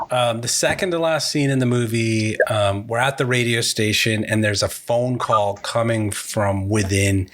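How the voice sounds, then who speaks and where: Low-voiced man hosting a film podcast. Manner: relaxed, retells plot step by step. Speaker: podcast host. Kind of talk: casual podcast chat.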